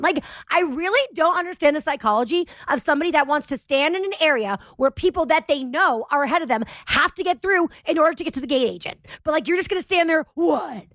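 A woman podcast host telling a comedic story in a profane, animated, self-mocking rant. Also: sits high, fast, few pauses, dry recording, clean studio sound.

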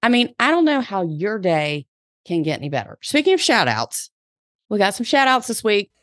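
A woman's voice: mid-range voice, sing-song, normal speed, noisy background. A woman in her forties with a Southern US accent, hosting a solo podcast in a chatty, upbeat, slangy way. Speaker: podcast host.

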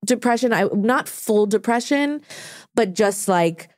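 A woman in her thirties hosting a podcast, talking candidly in casual chat, swearing and speaking in quick bursts. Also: fairly high pitch, animated, dry recording, clean studio sound. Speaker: podcast host.

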